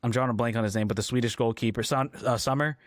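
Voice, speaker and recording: A man co-hosts a casual football podcast in a rapid-fire, mid-range voice, recorded dry and in studio quality. He sounds hesitant, with frequent ums and restarts.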